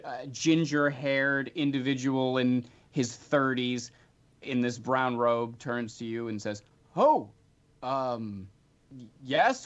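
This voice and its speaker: A man narrating as game master of a tabletop game, unhurried storytelling with fillers. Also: medium pitch, muffled recording.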